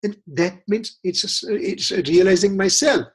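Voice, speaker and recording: A man's voice: high voice, normal speed, breathy edge. A man leading a religious scripture study class, earnest and repetitive, often asking rhetorical questions.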